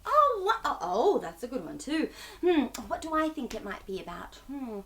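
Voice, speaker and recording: A woman's voice: high-pitched, huge pitch swings, normal speed, fairly bright tone. A young woman hosting a children's storytime, bubbly and sing-song, talking to young viewers as if they answer back.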